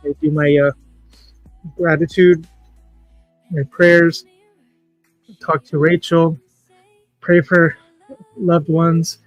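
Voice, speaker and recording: A man hosting a livestream in casual chat, talking in an emotional, halting, heartfelt way. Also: fairly high pitch, little pitch movement, no echo, faint music behind, low-quality recording. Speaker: livestream host.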